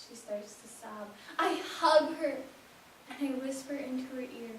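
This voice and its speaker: A woman telling an emotional first-person story in a tender, unhurried way, heard in an echoey room from far off. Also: sits high, a bit bright, slight background noise. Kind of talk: performed spoken-word story.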